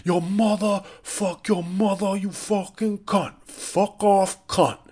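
A man's voice: high voice, steady tone, slow, husky, pitched above the performer's own voice, exaggerated voice. A man imitating a crude, heavyset male hockey fan who screams insults in a thick New York accent. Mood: screaming abuse. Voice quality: loud, coarse, strained.

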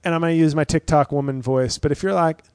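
Male comic, 30s, solo podcast host; slightly high voice, dry close sound, rambling and profane. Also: fast, darkish tone, clean tone, no echo. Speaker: podcast host and stand-up comedian. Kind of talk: casual solo podcast monologue.

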